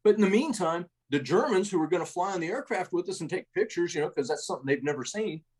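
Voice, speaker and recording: A husky, slightly high-voiced middle-aged man spins salty stories as a podcast guest. He talks casually and animatedly, ending lines with "man.". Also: lively intonation, fast talker. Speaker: retired army first sergeant, guest. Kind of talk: casual storytelling.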